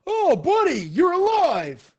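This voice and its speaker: A man voicing a big, friendly male panda-man mercenary who talks loudly and excitably with laid-back slang. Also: high-pitched, a little slow, dull audio, pitched above the performer's own voice, full character voice. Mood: excited.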